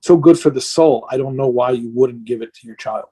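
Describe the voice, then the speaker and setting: A man's voice: mid-range voice, fairly quick, mellow, husky. A man speaking as a rabbi in an impassioned question-and-answer talk, earnest and emotional, sounding tired and worn down.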